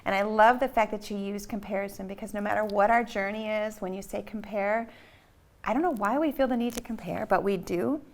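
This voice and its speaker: A woman's voice: medium pitch, a little fast. A woman hosts a podcast interview, asking long, winding questions. She reflects at length between them in a casual, conversational way. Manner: warm-hearted, reflective, rambling questions. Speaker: podcast host.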